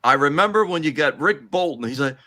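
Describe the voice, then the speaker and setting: A man swapping wrestling stories in a loose, casual chat, his voice bright and lively as he jumps up and down in pitch. He slips into other voices when he quotes people. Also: brisk, dry recording. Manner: animated storyteller doing quoted voices. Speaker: guest, former police officer.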